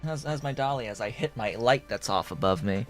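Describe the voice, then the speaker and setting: A gameplay streamer talks casually while he plays, rambling and thinking out loud in an animated, fairly quick voice. Now and then he turns to his cat with a high baby voice, and faint music plays in the background.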